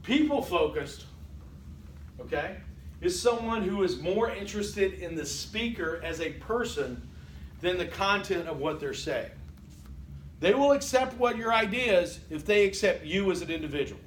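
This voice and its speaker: Older man, college instructor, high voice, chatty classroom lecture, frequent check-ins, recorded from far off in an echoey room. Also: lively intonation, normal speed, a little hiss or hum. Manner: conversational, checks in with "Okay?" and asks the class questions.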